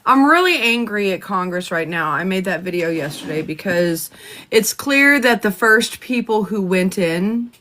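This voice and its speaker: A woman's voice: medium pitch, a bit bright. A woman vlogger delivering a heated, profane live rant on politics. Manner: heated, profane, fast-talking.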